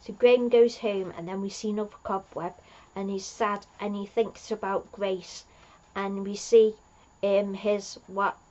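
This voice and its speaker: A woman recaps an episode at an unhurried pace, rambling from one thing to the next with many fillers and restarts. Her voice sits in a middle range. The recording sounds muffled and lo-fi. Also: medium pitch, steady tone, warm tone. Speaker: fan reviewer.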